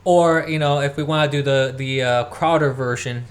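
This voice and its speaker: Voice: mid-range voice, brisk, few pauses. A podcast host delivering a solo political commentary monologue, ranting and scoffing, now and then coughing. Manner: ranting, scoffing, mimics others mockingly. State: occasional coughing. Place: at home, moving about tidying.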